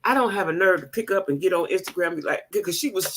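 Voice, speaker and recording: A woman's voice: fairly low pitch, lively intonation, fast talker, few pauses, a bit bright, a little hiss or hum. A woman hosting a gossip show, chatting casually and directly to her viewers, repeating phrases for emphasis. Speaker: host of a gossip channel.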